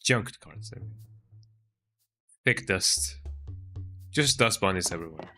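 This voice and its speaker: A man chats his way through a video game on stream, with a very bright, ringing tone and a pitch that jumps around freely. He jokes constantly, reads the on-screen text aloud and keeps ending lines with a questioning "eh?". Faint game music plays underneath. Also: animated, takes it slowly. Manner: chatty, jokey, tags lines with "eh?". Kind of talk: let's-play commentary.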